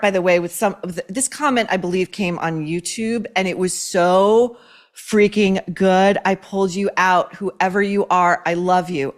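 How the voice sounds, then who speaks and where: Reading listener emails and advice letters on her podcast, this woman responds with sarcasm, bluntness, and profanity. Her voice sits in the mid range.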